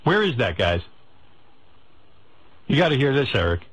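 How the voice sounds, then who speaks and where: A man hosting a radio talk show, playful and needling as he questions a caller. His voice sits at an ordinary middle pitch. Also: very animated, moderate pace, a bit bright, breathy edge, no room sound, poor audio. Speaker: host.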